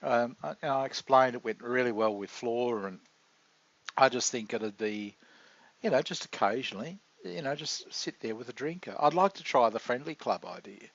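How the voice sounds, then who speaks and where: A man rambling in a halting, confessional video diary, full of restarts. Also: mid-range voice, a bit bright, no room sound. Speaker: vlogger. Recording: dull lo-fi dry recording.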